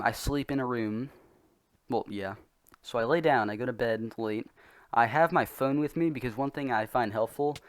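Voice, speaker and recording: A man's voice: medium pitch, slight background noise. A young man telling a story in a casual, rambling, self-mocking way, often laughing as he goes. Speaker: vlogger.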